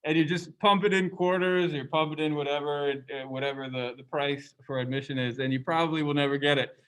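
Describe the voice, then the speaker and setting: A man lecturing a class in a loose, conversational manner, often turning to ask his students questions. His voice sits fairly high for a man. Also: steady tone, fairly quick, fairly bright tone, clear, resonant tone, poor audio. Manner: reads passages aloud from the book. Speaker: religious studies lecturer.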